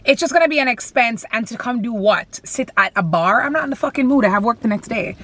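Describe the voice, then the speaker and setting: Young woman vlogger, higher-pitched, venting bluntly in her car; animated, foul-mouthed delivery. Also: fast talker. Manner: animated, blunt, swears freely. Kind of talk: casual venting vlog.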